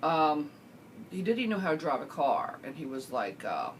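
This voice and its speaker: A middle-aged woman vlogger chatting casually as she answers viewer questions, rambling with lots of fillers and the odd throat-clear. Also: sits low, big pitch swings, moderate pace, a little hiss or hum. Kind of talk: casual chat.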